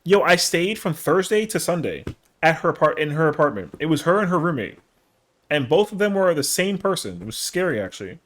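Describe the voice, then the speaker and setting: A man's voice: on the high side, big pitch swings, a little fast, fairly bright tone. A man in his thirties casually telling a rambling, slangy story on a live stream, acting out the quotes. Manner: slangy, rambling, lots of fillers, acts out the quotes.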